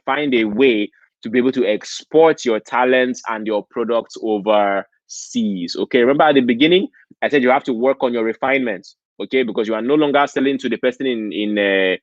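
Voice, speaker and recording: A man's voice: mid-range voice, fairly quick, no room sound. A man from Nigeria giving a motivational convention talk, preachy, punctuating points with "okay?". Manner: preachy, keeps asking "okay?". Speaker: convention speaker. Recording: dull lo-fi sound.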